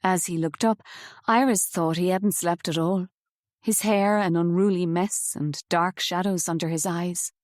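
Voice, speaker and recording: A woman reading a novel aloud in calm, measured scripted narration, close to the mic. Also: fairly low pitch, no echo. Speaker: audiobook narrator.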